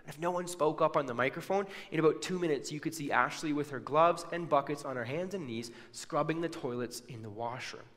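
A man delivers a sermon in a storytelling way, acting out the characters' words with casual asides. His voice sits slightly high for a man. A long hall reverb trails every line. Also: fairly quick, hardly any pauses, fairly bright tone. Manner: storytelling with acted-out quotes and asides. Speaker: preacher.

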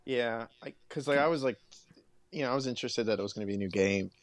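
A young man co-hosting a podcast, talking hesitantly with many restarts and soft laughs. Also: mid-range voice, fast, no echo. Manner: hesitant, hedging, laughs often. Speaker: podcast co-host. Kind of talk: casual chat.

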